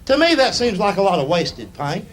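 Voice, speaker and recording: A man's voice: high voice, sing-song. A man telling folksy stories in a stand-up comedy show on stage. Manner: folksy, drawn-out storytelling, slipping into quoted voices. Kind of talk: storytelling stand-up. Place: live comedy stage before an audience. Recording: live show with audience laughter and noise.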